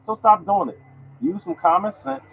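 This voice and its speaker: A man's voice: high-pitched, sing-song, moderate pace, creaky, slight background noise, poor audio. A man hosting a lottery podcast in a casual, emphatic monologue, repeating his points and calling listeners y'all.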